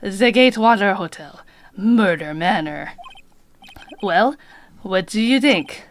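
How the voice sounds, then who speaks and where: A woman voicing a fawning, odd young male hotel bellboy in a put-on French accent, slow and grandiose. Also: mid-range voice, expressive. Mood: showy.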